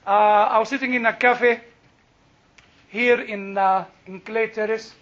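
The voice is high-pitched and a bit bright, with fairly even intonation and a measured pace. An older Egyptian-accented man leads a Bible class, preaching through chatty stories, laughing often and restarting his sentences, on dull lo-fi audio.

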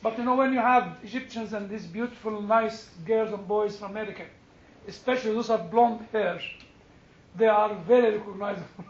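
A man with a notably high voice teaches a church class, moving from personal stories to pointed questions for his listeners. The room is echoey and the sound a little muffled, with faint background noise. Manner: storytelling, asks the room questions, builds to forceful emphasis. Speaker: Orthodox clergyman teaching a class.

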